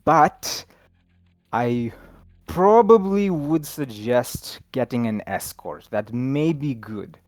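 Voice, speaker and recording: A man's voice: mid-range voice, animated, takes it slowly, no room sound. A man voicing a grinning male Polish sailor, with a put-on Polish accent. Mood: cautious.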